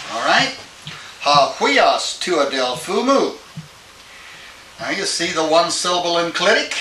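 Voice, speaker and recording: A man's voice: on the high side, sharp tone. An older man teaching Greek grammar in a classroom lecture, patiently checking in with his students as he goes. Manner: patient, checks in with "all right?". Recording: old tape, roomy and distant with hiss.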